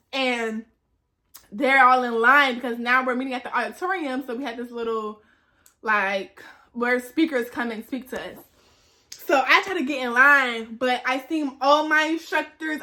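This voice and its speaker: A young woman vlogger and flight attendant telling a story in a casual, chatty way, repeating phrases for emphasis and acting out other people's lines. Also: sits high. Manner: animated, acts out the voices of others.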